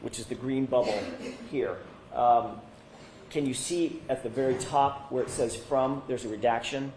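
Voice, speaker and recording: A man's voice: mid-range voice, steady tone, darkish tone, a little hiss or hum, rough recording. Man questioning a witness in court. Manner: measured, formal questioning. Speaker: defense attorney.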